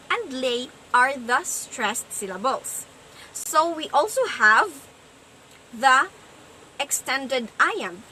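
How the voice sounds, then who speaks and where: Woman student presenter, bright lively voice, unhurried explanatory delivery. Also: high voice, a little hiss or hum, rough recording. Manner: slow, explanatory, sounds out stress patterns. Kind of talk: class presentation on poetry.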